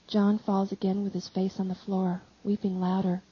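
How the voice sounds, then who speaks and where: A woman reading a devotional text aloud in measured, solemn narration. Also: mid-range voice, completely flat delivery, slightly rough. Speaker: audiobook reader. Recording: slightly dull lo-fi audio.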